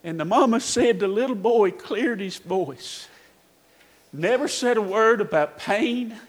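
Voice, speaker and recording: A man preaching a sermon, telling a story dramatically, his voice swinging from hushed to shouting. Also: sits high, expressive, a little slow. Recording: echoey hall reverb.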